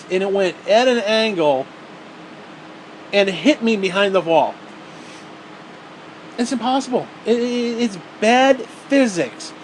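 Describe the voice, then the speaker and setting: A man's voice: high-pitched, a little hiss or hum. A man angrily ranting about a video game in a profane, sarcastic, frustrated way. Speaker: gaming vlogger.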